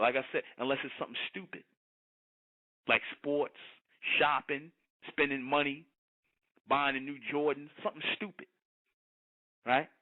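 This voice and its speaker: Preachy man on a tinny line. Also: on the high side. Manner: preachy, repetitive, rhetorical questions. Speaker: commentator. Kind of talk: preaching monologue. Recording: tinny phone-like sound.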